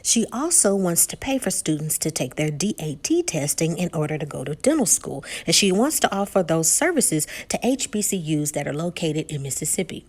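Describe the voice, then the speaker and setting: A woman's voice: deep voice, big pitch swings, moderate pace, hardly any pauses, a little mellow. Woman chatting through a show recap. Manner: retells scenes conversationally, paraphrasing quotes with "like". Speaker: YouTuber recapping a reality show. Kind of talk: casual recap narration.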